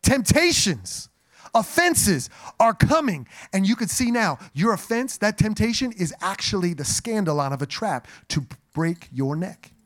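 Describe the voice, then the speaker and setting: A man preaching a sermon to a congregation, animated and joking as he speaks to them directly. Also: sits high, a little slow. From New Jersey. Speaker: pastor. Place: church sanctuary.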